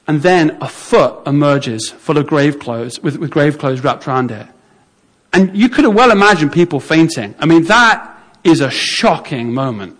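A man's voice: a little high, a bit bright. A man preaching a sermon, telling the story vividly and acting out how onlookers would react.

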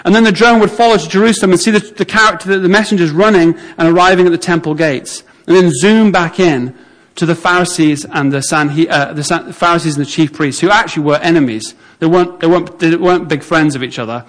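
A man's voice: a little high, fast talker. A man preaching a sermon, telling the story vividly and acting out how onlookers would react.

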